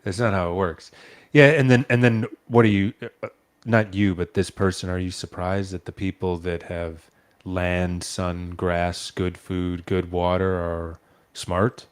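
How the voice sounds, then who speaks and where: A very deep-voiced man argues his opinions in a casual chat. He is emphatic and sure of himself. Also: flat delivery, unhurried, clear, resonant tone.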